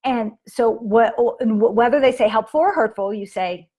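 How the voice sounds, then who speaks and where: A woman's voice: on the high side, normal speed, warm tone. Chatty woman teaching parents. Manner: chatty, with fillers and acted quotes of kids. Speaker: parenting coach. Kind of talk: casual live-stream parenting lesson.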